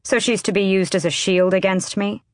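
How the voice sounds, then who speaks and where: A woman voicing a dangerous young female assassin who speaks in a slow, menacing drawl. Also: medium pitch, fairly even intonation, no echo, close to an everyday voice.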